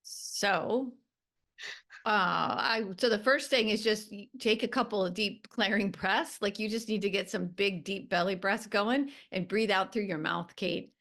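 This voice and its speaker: Woman, podcast coach, calm, reassuring, thinking aloud, many fillers. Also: mid-range voice, measured pace. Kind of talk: gentle coaching talk.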